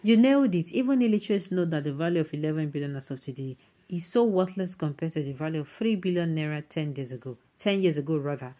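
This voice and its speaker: A woman's voice: deep voice, fast talker, warm tone. A woman with a Nigerian accent hosting an online news show, reading viewer comments aloud and mixing in emphatic Pidgin asides.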